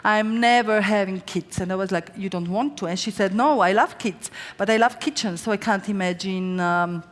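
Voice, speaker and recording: A middle-aged woman from Slovenia, a chef talking fast and chattily through a live stage cooking demonstration. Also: medium pitch. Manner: chatty, fast storytelling with lively quoted voices. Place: large event stage with audience. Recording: long hall reverb on stage.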